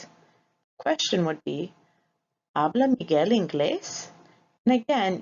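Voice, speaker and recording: A woman's voice: lowish voice, vocal fry. A woman teaching a recorded Spanish lesson, explaining step by step and modeling example sentences aloud. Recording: dull lo-fi recording.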